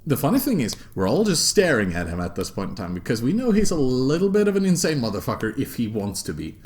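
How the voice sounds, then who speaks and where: A young man tells a game story in a casual chat. His voice is lively and swoops up and down, and he laughs and swears freely. He sits at a mid pitch for a man. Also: quick pace. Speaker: host.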